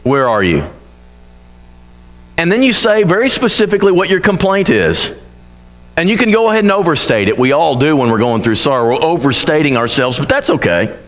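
Man, preacher, sermon, earnest, conversational, fairly high voice. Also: animated, a little fast, fairly bright tone, long reverb tail. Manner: earnest, conversational, voices the psalmist's complaints boldly.

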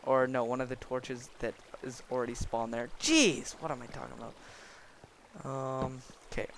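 A young man giving excitable, rambling commentary while playing a block-building game and joking with the creatures he meets. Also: mid-range voice, moderate pace, slight background noise. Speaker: gaming video creator. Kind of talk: Minecraft let's play commentary.

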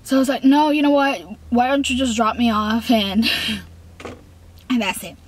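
A young woman chats through a storytime in a slightly high voice. She rambles and restarts, stacks up fillers, and breaks into giggles between lines. She acts out her own side of the story. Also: normal speed, a little hiss or hum. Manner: rambling, lots of fillers and restarts, quotes herself. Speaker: vlogger. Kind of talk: casual storytime chat.

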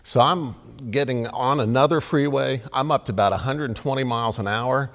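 A man's voice: mid-range voice, normal speed. A man who is a police officer, speaking as a guest in church and telling a story with acted-out dialogue. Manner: animated storyteller, acts out dialogue. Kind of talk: storytelling sermon. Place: church sanctuary. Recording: long hall reverb.

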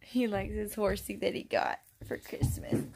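A woman's voice: medium pitch, slow pace, a little mellow, slightly rough. A young woman chatting casually in a family vlog, upbeat and sing-song when she talks to her kids. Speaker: family vlogger and mother.

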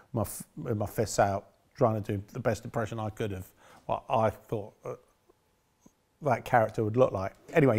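Vocal fry colors this middle-aged director's low-leaning, slightly mellow voice. In a reminiscing interview, he meanders through memories of making a film, frequently revising what he just said.

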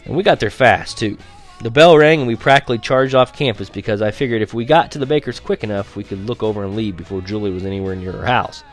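A young man reading a first-person story aloud, lively and wry, switching to quieter voices for the other characters. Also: fairly low pitch, fast talker, faint music behind. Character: boy narrator recalling spying on a neighbor. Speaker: audiobook narrator. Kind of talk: first-person audiobook narration.

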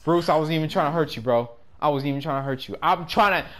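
A man giving casual gameplay commentary in slangy speech, swinging between yelling and mumbling. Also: fairly high pitch, fast, hardly any pauses. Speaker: gamer. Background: game music.

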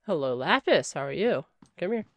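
A woman's voice: on the low side, big pitch swings, normal speed, dry recording. A woman giving chatty let's play commentary, talking to in-game items and shrieking when startled. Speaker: gamer.

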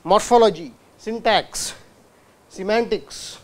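A man lectures in a hall. He keeps asking the audience questions he then answers himself. He sounds out words slowly to demonstrate them. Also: high voice. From India. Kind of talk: university lecture.

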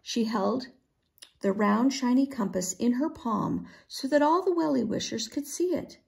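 A woman reading a children's chapter book aloud, expressive and unhurried. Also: on the high side, vocal fry. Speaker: storybook reader. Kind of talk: children's read-aloud narration.

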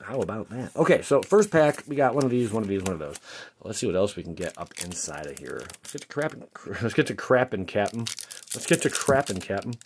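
Excitable man opening card packs. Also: on the low side, a little fast, slight background noise. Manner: excitable, jokey, shouts at big pulls. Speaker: card-opening channel host. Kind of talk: casual pack-opening commentary.

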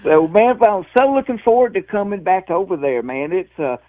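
A man's voice: high-pitched, normal speed. Southern man in his sixties on a phone line. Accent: Southern US (Mississippi). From Mississippi, USA. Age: 60s. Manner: lively storyteller, calls the host "man" and "dude". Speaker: stand-up comedian guest. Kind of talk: interview over the phone.

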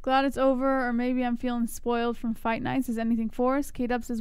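A woman's voice: fairly high pitch, flat delivery, moderate pace, few pauses, a little mellow, clear, resonant tone, no echo. A woman co-hosting a live stream, reading chat messages aloud with a wry, teasing manner. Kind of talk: casual live reaction chat.

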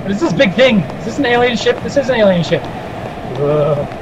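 A man's voice: sits high, big pitch swings, moderate pace. A young man hosting a horror game let's play, chatting nervously and shrieking when scared. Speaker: gaming video host. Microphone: headset or desk mic, facecam. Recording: noisy home recording.

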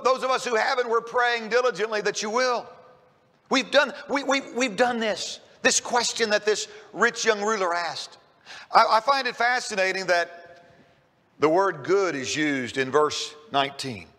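A man's voice: extremely high pitch, sharp tone, long reverb tail. A man preaching a sermon in church, emphatic and often repeating his first words as he starts a sentence. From Kentucky. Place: church sanctuary.

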